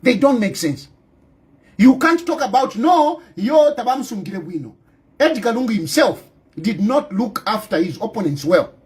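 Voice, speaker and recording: A Zambian man giving an impassioned political monologue, fiery and repetitive, stumbling over restarts and raising his voice to a shout at times. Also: high voice, animated, moderate pace. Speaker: politician and activist.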